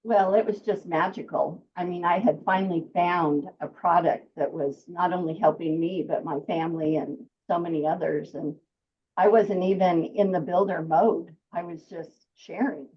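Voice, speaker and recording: Husky woman on a dull call line. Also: fairly low pitch, steady tone, normal speed. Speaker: caller on coaching call. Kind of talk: casual chat.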